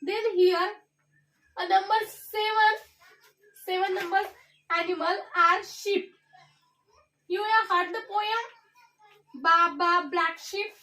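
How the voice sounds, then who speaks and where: A woman's voice: very high-pitched, steady tone, slow, pauses often, a bit bright, distant mic. A young Indian woman, a student teacher, giving a classroom English lesson in Indian English and spelling words out letter by letter. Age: young adult.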